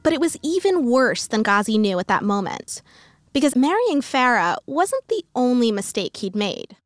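Woman, host narrator, scripted radio narration, measured delivery, fairly high voice, lively pitch.

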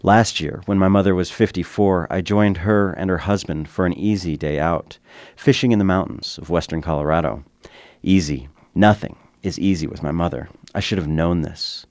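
A man, a radio commentator, reading a reflective personal essay in a measured, quiet storytelling manner. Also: deep voice, no room sound.

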